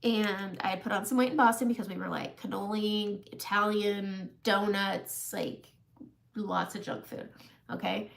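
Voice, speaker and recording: This forty-something woman speaks a little slowly in a steady, mid-range voice touched with vocal fry. She's telling a long funny story on a makeup live stream, chatty and laughing, often at her own expense, in a relaxed storytelling chat.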